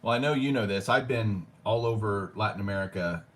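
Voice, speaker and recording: A man hosting a collecting show, relaxed and jokey, poking fun at himself. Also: on the low side, fairly quick. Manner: relaxed, jokey, self-deprecating. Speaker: host. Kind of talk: casual chat.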